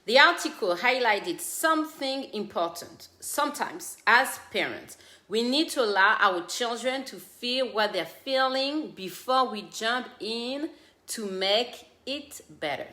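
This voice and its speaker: A woman's voice: fairly high pitch, expressive, takes it slowly, sharp tone. A woman who hosts a parenting show, giving earnest, direct advice to parents and mixing in her own stories. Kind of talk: casual advice talk. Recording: echoey room.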